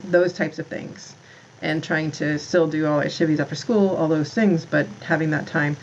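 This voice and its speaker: A woman's voice: low-pitched, steady tone, normal speed, highs cut off, a little hiss or hum. A woman in her thirties, a podcast guest, talking in a rambling way about motherhood, full of "like" and restarts. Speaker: podcast guest, founder of a moms' community. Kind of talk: casual interview talk.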